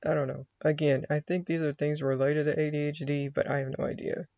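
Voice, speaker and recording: A man from the United States talks in a loose, rambling way, often acting out his own inner voice. His voice sits a bit high and has a lot of gravel. The sound is dry and slightly dull. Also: level tone, quick pace, a little mellow, no room sound. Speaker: vlogger. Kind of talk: casual rambling monologue.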